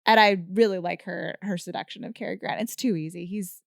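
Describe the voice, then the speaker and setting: A woman co-hosting a film podcast in casual chat, animated and quick to laugh. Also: mid-range voice, vocal fry, no echo, clean studio sound. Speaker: podcast co-host.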